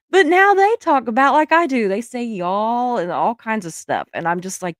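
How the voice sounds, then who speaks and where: A middle-aged woman with a Southern US accent, hosting a casual livestream chat. She talks warmly to her viewers and laughs often. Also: mid-range voice, big pitch swings, dry recording, clean studio sound. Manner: chatty, laughs often, drawn-out words. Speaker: livestream host.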